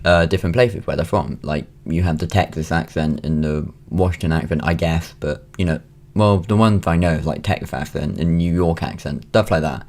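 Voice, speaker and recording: At normal speed and barely pausing, a young man with a deep, darkish voice rambles through a casual vlog at home. He's Welsh, in his late teens, with a British accent, and keeps saying um and starting over.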